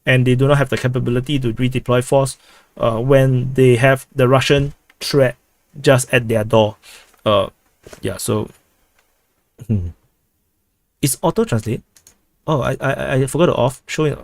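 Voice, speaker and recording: Singaporean guy on a casual livestream, average pitch, dry close mic, lots of uh and repeated words. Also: vocal fry, no echo. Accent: Singaporean English. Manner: halting, repeats words, frequent "uh" restarts. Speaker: livestream host answering viewer questions.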